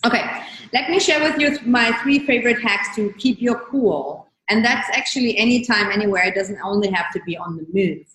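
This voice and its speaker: A woman host giving a casual coaching talk to her viewers, gently repeating key phrases and guiding them through slow breathing. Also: fairly high pitch, expressive, slight background noise. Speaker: wellness coach and show host. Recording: roomy echo.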